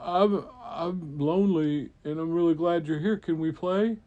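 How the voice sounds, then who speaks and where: A man's voice: a little high, measured pace, warm tone, dull audio, voice pushed up, lightly acted. A man voicing a friendly, lonely giant dragon in a bedtime story, cheerful and eager to please.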